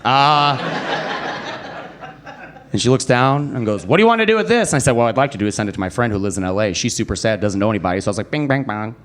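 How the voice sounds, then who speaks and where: A young man performing a stand-up comedy set on a club stage, telling a story and jumping his voice up high to play other people. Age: young adult. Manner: animated storyteller who jumps high to act out other people. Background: live audience.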